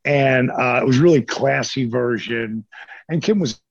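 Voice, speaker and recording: Middle-aged man, gravelly husky voice, animated storyteller, dull dry lo-fi recording. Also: mid-range voice, normal speed, dry recording. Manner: animated storyteller who acts out quotes, swears freely. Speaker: guest, former pro wrestler. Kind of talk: casual storytelling interview.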